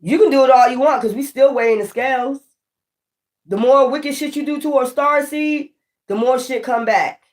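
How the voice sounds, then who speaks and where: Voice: high voice, moderate pace. Blunt, profane tarot reader. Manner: preachy, addresses viewers directly. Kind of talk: casual spiritual tarot reading.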